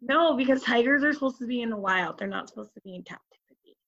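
A woman's voice: on the high side, lively intonation, fast talker, a bit bright. A woman co-hosting a podcast in casual chat, chatty and laughing often, with loose swearing. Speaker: podcast co-host. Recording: slightly dull, lo-fi audio.

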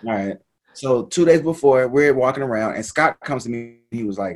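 A man casually telling a story about a race in an animated, laughing way, acting out what people said. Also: mid-range voice, moderate pace, slightly rough. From United States. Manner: animated, laughing retelling with quoted voices.

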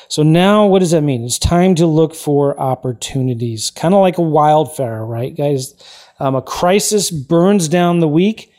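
A man hosting a podcast, giving emphatic motivational advice and often checking in with a quick "right?". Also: on the high side, dark tone. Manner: emphatic, repeats key points, frequent "right?" tags. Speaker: podcast host.

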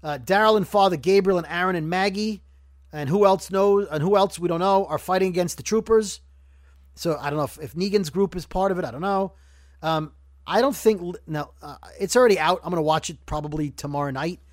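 High-voiced man, rambling podcast host. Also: brisk, dry recording, studio quality. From Brooklyn, New York. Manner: rambling, joking, self-correcting. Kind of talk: casual podcast chat.

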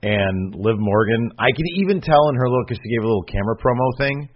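A man co-hosting a podcast in casual chat, rambling and animated, with many fillers and restarts. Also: mid-range voice, fast, slight background noise. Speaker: podcast co-host. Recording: slightly muffled lo-fi audio.

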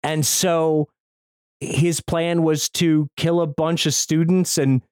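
A man co-hosting a podcast in casual chat, excitable, swearing and laughing often. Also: fairly high pitch, slow pace, smooth, no room sound, clean studio sound. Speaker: podcast co-host.

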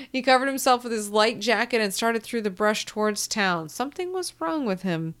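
A woman's voice: a little high, a bit bright. A woman reading out a strange true story and explaining its details to her co-host. Her delivery is dry and blunt, with a casual curse now and then. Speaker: podcast co-host.

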